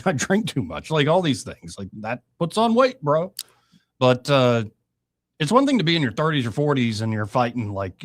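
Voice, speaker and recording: Wisecracking talk radio host, dry studio. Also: male voice, medium pitch, dry recording. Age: 30s. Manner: wisecracking, blunt, lots of fillers. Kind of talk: casual political talk show.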